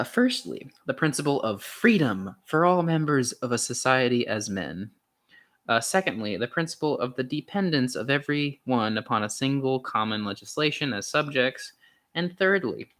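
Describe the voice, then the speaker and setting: A young man reading a philosophy text aloud in a casual way, pausing often with ums and restarts and adding wry, sarcastic asides. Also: medium pitch, fairly bright tone. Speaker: channel host reading aloud.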